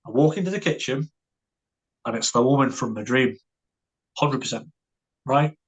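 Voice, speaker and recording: A man with a husky, grainy voice sits in as a podcast guest and tells a story over casual chat. He trips over his words and restarts a lot, checking in with "right?" and "mate" as he goes. His pitch sits in an ordinary middle range. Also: animated, normal speed. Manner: stammers and restarts, tags lines with "right?" and "mate".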